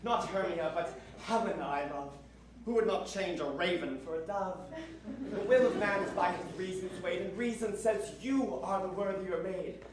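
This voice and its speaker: Brief: teen actor as an earnest young lover, slightly high voice, echoey stage from far off. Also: male voice, normal speed, very noisy, lightly acted. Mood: ardent. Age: teens. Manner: earnest verse delivery, softening to intimate. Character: young lovestruck nobleman, ardent and earnest. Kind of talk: stage Shakespeare acting. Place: school theater stage. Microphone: distant room mic.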